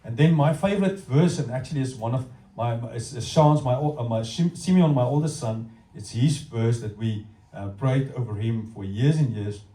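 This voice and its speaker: A middle-aged man with a South African accent preaching a sermon, telling stories in an animated way and talking straight to the congregation. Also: mid-range voice, normal speed. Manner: animated storytelling, addressing the congregation directly. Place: church hall. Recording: echoey hall from far off.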